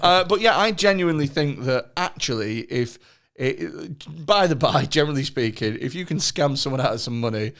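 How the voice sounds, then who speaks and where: A man's voice: on the high side, expressive, normal speed, creaky, fairly bright tone. A man hosting a comedy podcast, chatting casually with crude, sweary jokes and frequent laughter. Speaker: podcast host.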